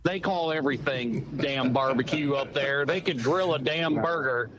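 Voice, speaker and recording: A man hosting a casual podcast, folksy and animated, swearing casually as he tells stories. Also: mid-range voice, normal speed. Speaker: podcast host. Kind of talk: casual chat. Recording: noticeable background noise.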